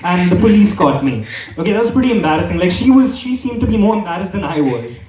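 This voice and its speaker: A man's voice: sits high, very animated, fast talker, darkish tone, slight background noise. A man doing a stand-up comedy set on a club stage, rambling with lots of fillers and restarts while the audience laughs. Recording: echoey room, mic far off.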